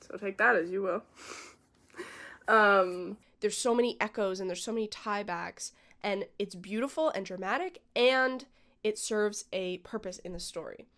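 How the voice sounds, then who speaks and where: A woman's voice: medium pitch, a little slow, a bit bright. A woman vlogger talking casually and with strong opinions, with lots of "like" and "um". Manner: opinionated, chatty, frequent "like" and "um". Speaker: vlogger reviewing a film. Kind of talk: casual chat.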